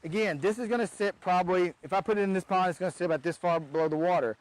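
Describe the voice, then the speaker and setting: High-voiced man giving pond tips. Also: rapid-fire, no room sound, poor audio. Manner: chatty, restarts sentences often. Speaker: pond business owner. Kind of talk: casual how-to demonstration. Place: outdoors beside a backyard pond.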